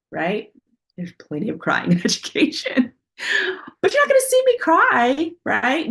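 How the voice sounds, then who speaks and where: A woman who is an assistant principal, giving earnest, conversational advice to aspiring school leaders and often checking in with "right?". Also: on the low side. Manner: conversational, frequent "right?" tag questions, earnest. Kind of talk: casual talk to aspiring leaders.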